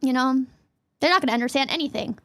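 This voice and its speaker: A young adult woman streaming as a VTuber, chatting casually and playfully with her chat in quick jokey asides. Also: high voice, a bit bright.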